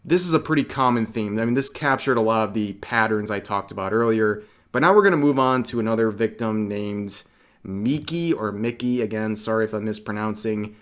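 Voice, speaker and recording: A man's voice: lowish voice, a little fast. A man hosting an online commentary video, reading out chat logs and reacting with open disgust. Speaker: commentary channel host.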